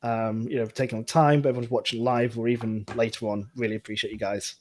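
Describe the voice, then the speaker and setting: A man's voice: medium pitch, steady tone, quick pace, a little hiss or hum. A man co-hosting a casual gaming show, talking in a hesitant way with repeated words and frequent laughter. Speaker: co-host.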